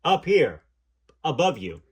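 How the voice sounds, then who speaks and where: A man's voice: mid-range voice, very animated, moderate pace. A man voicing a friendly, encouraging male television producer in a read-aloud memoir. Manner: encouraging, upbeat.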